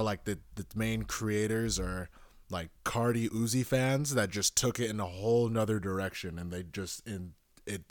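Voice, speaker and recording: A man's voice: fairly low pitch, no room sound, clean studio sound. A young man hosting a solo podcast, rambling casually with lots of swearing and restarts. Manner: rambling, profane, self-correcting. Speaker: podcast host.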